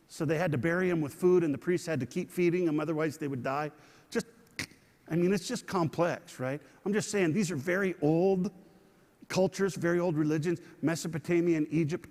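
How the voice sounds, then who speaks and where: A man's voice: on the high side, a little mellow, in a large hall. A man teaching a sermon in a conversational way, often asking his listeners questions. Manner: conversational, asks the audience questions.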